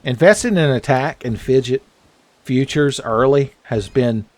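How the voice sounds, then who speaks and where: Man, let's play host, playful game commentary, mid-pitched voice. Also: faint music behind. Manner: joking, quick pitch jumps when excited. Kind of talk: casual gameplay commentary.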